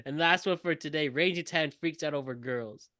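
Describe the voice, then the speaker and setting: A man's voice: a little high, normal speed, sharp tone, dry recording. Giggly male podcast host, dry sound. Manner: giggly, laughs often. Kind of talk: casual chat.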